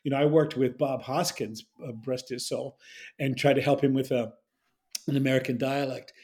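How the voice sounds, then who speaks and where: A man, a dialect coach telling stories in a relaxed interview and acting out the lines he quotes. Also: medium pitch, normal speed. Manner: animated storyteller, acts out quotes. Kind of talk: conversational interview.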